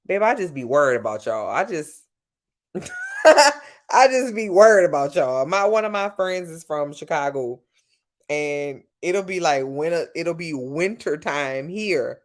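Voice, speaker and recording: Southern louisiana lady chatting on a livestream, loose and cussing, voice bouncing up and down. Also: a little slow. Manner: chatty, swears freely, lively shifts in pitch. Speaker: livestream host. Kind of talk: casual livestream chat with viewers.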